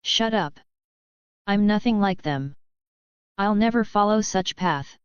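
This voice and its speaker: A woman's voice: medium pitch, slow, smooth, no echo, lo-fi sound, natural voice. A woman reading the part of a defiant teenage boy hero. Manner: tense, defiant. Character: angry young male hero with a haunted sword.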